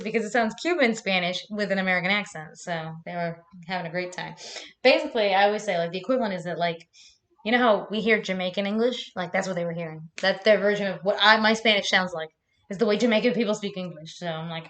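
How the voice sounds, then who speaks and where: A woman's voice: mid-range voice, fast talker, a bit bright. A young woman chatting casually on a live stream, laughing often and swearing freely.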